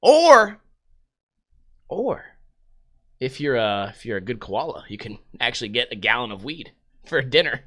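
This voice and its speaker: A man's voice: mid-range voice, very animated, a little slow, pauses often, fairly bright tone. A young man hosting a livestream podcast, telling crude, rambling stories with heavy swearing in casual chat. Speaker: podcast host.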